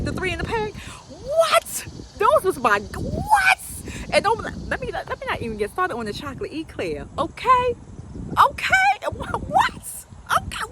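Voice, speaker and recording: Lively high-voiced woman coach, street noise. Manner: animated, folksy, emphatic, preachy. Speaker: health coach. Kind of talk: casual storytelling to camera.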